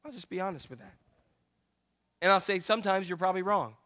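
A middle-aged male pastor preaching a candid, self-deprecating sermon full of jokey asides and sudden high exclamations. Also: quick pace, pushed and bright. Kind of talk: humorous conversational sermon.

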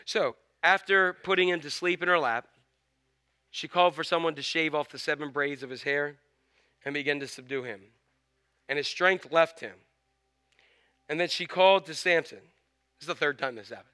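Bright, high-voiced man preaching. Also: normal speed, long pauses, smooth. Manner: animated storytelling, acts out scenes. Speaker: pastor. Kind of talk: sermon.

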